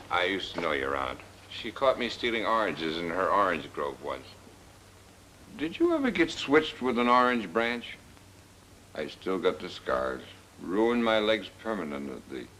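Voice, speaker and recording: An actor playing a weary married prosecutor who is drunk, talking in a wry, sarcastic 1940s film style. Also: male voice, low-pitched, wildly swooping pitch, slow, long pauses, bright, forceful tone, slight background noise, full character voice, poor audio. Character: weary married male prosecutor, sardonic flirt. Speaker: assistant district attorney.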